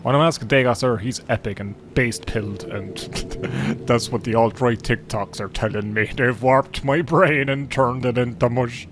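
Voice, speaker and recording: A man's voice: mid-range voice, unhurried. A young man giving casual, jokey gameplay commentary and swearing freely. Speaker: gaming YouTuber. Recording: faint game music behind.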